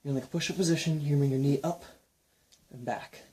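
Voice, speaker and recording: A man's voice: a little high, quick pace. Casual young man demonstrating ab exercises. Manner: relaxed, talks while demonstrating moves, counts reps aloud. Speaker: fitness instructor.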